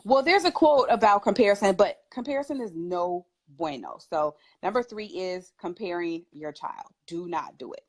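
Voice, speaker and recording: A woman's voice: lowish voice, expressive, normal speed, few pauses. A woman who is a parent, a guest on a talk show, giving advice in an emphatic way and laughing often. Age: adult parent. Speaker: guest speaker.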